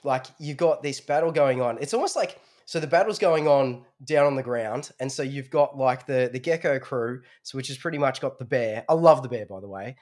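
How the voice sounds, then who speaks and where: A man chatting casually on a podcast, at an ordinary pitch. He rambles and restarts his sentences often. He keeps a relaxed, conversational flow. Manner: rambling, halting, many restarts. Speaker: podcast co-host. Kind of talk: casual chat.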